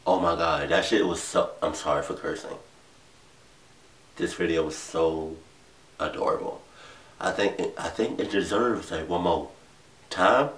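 A man's voice: low voice, a little slow, long pauses, a bit bright. A young man hosting a casual reaction vlog, talking in slang, swearing and laughing. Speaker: reaction video host. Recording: echoey room, distant mic.

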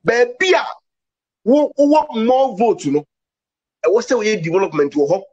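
Male commentator, high husky voice, emphatic and heated political talk. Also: measured pace, darkish tone, lo-fi sound. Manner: emphatic, mixes English words into his talk.

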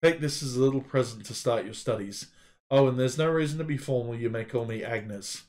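A man's voice: mid-range voice, fairly quick, darkish tone, lightly acted. A man voicing a fussy old female ostrich administrator while reading a game's story aloud. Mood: polite.

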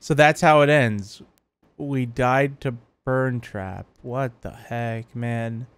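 A man hosting a let's play video, reacting with lots of excited exclamations. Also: mid-range voice, slow, clean tone. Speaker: gaming video host.

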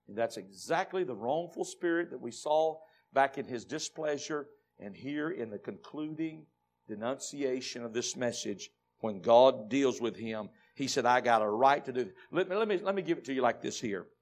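A man with a Southern American accent preaching a dramatic Baptist sermon, dropping to low murmurs and rising to shouts. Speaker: pastor.

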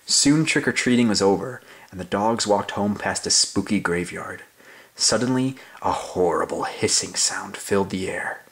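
A man's voice: lowish voice, moderate pace, a bit bright. A young man reading a children's story aloud in an overly silly, playful, exaggerated way. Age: young adult. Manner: playful, exaggerated, sing-song.

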